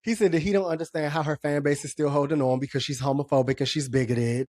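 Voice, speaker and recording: Husky-voiced woman gossiping on a podcast. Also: deep voice, quick pace, no room sound, clean studio sound. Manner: animated, laughing often, gossipy. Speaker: podcast co-host. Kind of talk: casual pop-culture chat.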